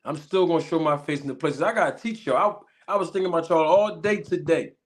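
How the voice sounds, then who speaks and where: A man from Philadelphia with a Philly accent hosting a casual livestream, greeting viewers with drawn-out shout-outs and catchphrases while a little sick. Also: fairly high pitch. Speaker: livestream host.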